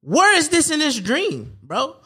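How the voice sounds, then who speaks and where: A young adult in a casual podcast chat whose pitch rises and falls a lot. They speak with strong emphasis, swear freely and tell stories with feeling. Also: wildly swooping pitch, measured pace, bright, forceful tone. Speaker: podcast co-host.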